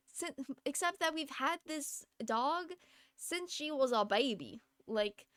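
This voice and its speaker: A woman's voice: sits high, lively intonation, slow pace, a bit bright, no echo, clean studio sound. A young woman streaming a game from home, chatting in a rambling way and laughing often. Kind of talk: casual chat while gaming.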